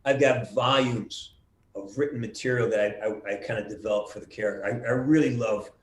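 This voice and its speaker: Animated male storyteller on a roomy call. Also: fairly low pitch, a little fast, slight background noise. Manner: animated storyteller, acts out quotes with swearing. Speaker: voice actor guest. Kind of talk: casual video call interview. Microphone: video call. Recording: roomy video call audio.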